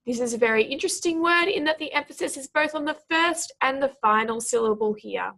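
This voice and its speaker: Gravelly-voiced woman tutor. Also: high voice, sharp tone. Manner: slow, drawn-out syllables when modeling words. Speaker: speaking tutor. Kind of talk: exam pronunciation lesson.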